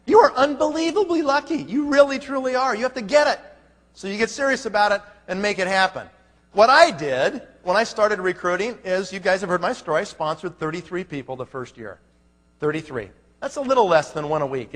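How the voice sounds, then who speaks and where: A man's voice: high-pitched, a bit bright. Folksy male motivational speaker in a hall. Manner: folksy, punchy, asks the crowd rhetorical questions. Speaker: network marketing leader. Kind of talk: motivational speech to a live audience. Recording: long hall reverb.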